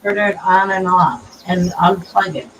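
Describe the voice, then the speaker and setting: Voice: mid-range voice, fairly even intonation, unhurried, distant mic, dull audio, crowd noise. A panel guest chatting casually and matter-of-factly, often trailing off and restarting. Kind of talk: casual chat.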